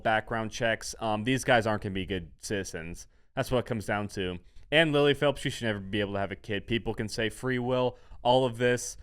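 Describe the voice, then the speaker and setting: A man's voice: fairly low pitch, a bit bright, smooth. A young man hosting a comedy vlog, ranting in a rambling, mocking way and repeating his catchphrases.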